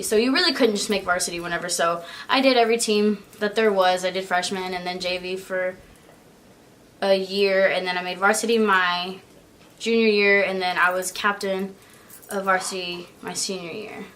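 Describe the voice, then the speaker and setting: A woman's voice: medium pitch, fairly even intonation, fairly quick, a bit bright. A young woman vlogging in a casual, chatty way, giggling often and filling her talk with "like" and "um". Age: young adult. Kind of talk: casual chat.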